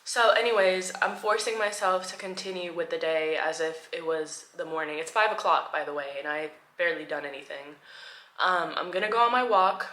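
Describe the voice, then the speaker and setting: A woman in her twenties talking candidly in a casual vlog diary, swinging between soft murmurs and excited bursts. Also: fairly low pitch, brisk. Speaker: vlogger. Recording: echoey room.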